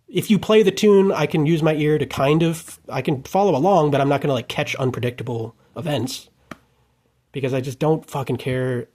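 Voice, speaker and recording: A man with a slightly raised pitch and a husky edge, ranting in an unscripted monologue. He swears freely and often jumps into loud, heated outbursts. The delivery stays emphatic and worked up. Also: normal speed. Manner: heated, profane and emphatic, swinging into shouted outbursts.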